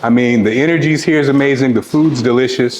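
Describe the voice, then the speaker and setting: A man's voice: medium pitch, quick pace, a little mellow, slight background noise. A man hosting a show, interviewing a restaurant owner casually in her restaurant in an upbeat way and laughing easily. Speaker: show host. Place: inside a restaurant. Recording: echoey room.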